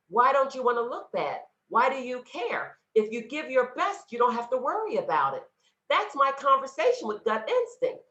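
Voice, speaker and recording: A woman gives an earnest motivational talk on a video call and speaks straight to her listeners. Her voice sits a little high and rises and falls with a lot of life. The call audio sounds dull and roomy. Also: a bit bright. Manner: earnest, conversational, addresses audience directly. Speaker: guest speaker.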